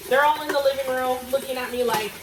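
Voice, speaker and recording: A woman's voice: high voice, fairly even intonation, fast talker, reverberant, distant mic, background noise. A young woman vlogging in her home kitchen, chatting casually and swearing freely as she tells a story while cooking. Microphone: camera away from the cook.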